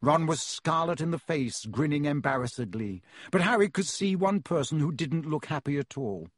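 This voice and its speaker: Husky male audiobook narrator. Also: on the high side, normal speed, no room sound, clean studio sound. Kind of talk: scripted narration.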